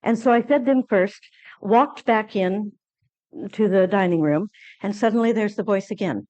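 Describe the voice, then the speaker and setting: A woman at a conference lectern, telling a personal story in a lively way and acting out the dialogue. She often pauses on fillers and restarts her sentences. Her voice sits at a middle pitch for a woman. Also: highs cut off. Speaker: conference speaker. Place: conference lecture hall.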